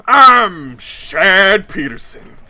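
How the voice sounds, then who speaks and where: A man voicing a boisterous, drunk young man who shouts cheerfully and slurs his words. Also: high-pitched, very animated, very slow, voice pushed up, full character voice.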